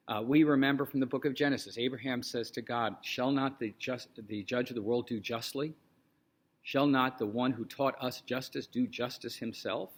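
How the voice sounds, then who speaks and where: A man's voice: mid-range voice, normal speed. A man talking informally as a rabbi. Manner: conversational, animated retelling with many fillers. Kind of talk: informal teaching talk.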